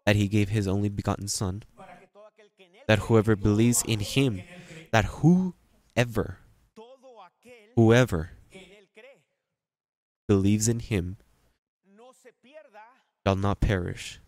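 A man's voice: lowish voice, flat delivery, unhurried, pauses often, a little mellow. A man preaching a sermon with an accent, drawing out words and rising into emphatic bursts. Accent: non-native English. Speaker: pastor.

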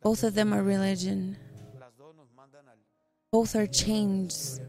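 A woman interpreting a sermon into English live, speaking in short measured phrases with a gravelly voice. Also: medium pitch, fairly even intonation, dark tone, soft background music.

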